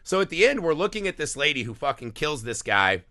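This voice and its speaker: Animated, profane male podcast host. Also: fairly high pitch, dry recording, studio quality. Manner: animated, profane, acts out characters in quick impressions. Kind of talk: casual movie-review chat.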